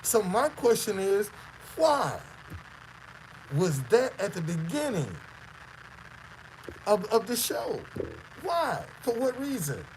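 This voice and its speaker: Slow, emphatic Southern man. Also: high-pitched, very animated, a little hiss or hum, low-quality recording. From Southern United States. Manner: emphatic, repeats himself, rhetorical questions. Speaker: host. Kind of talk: casual commentary reacting to a clip.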